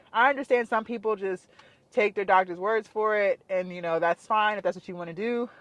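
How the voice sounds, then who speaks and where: A young woman fitness vlogger telling a story to her viewers in a frustrated, animated way, saying "like" constantly. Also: a little high, dry recording. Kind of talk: casual storytime rant to camera.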